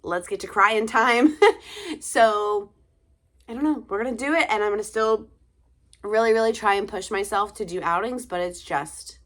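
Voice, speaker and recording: A woman's voice: mid-range voice, moderate pace, a bit bright. A young woman, a tired mother of two, chatting casually to camera in a rambling way with many fillers and sighs.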